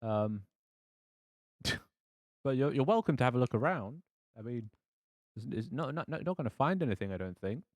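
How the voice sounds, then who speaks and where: A man's voice: medium pitch, animated, moderate pace, long pauses, a little mellow, no echo, lightly acted. A man voicing a nervous, evasive suspect who stammers and protests his innocence. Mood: flustered.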